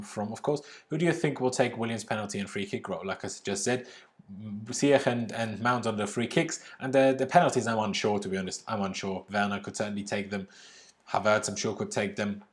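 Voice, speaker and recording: Chatty young man on a livestream. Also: fairly low pitch. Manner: chatty and informal, swears, reacts loudly to comments. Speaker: livestream host. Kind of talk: casual livestream chat, reading viewer comments.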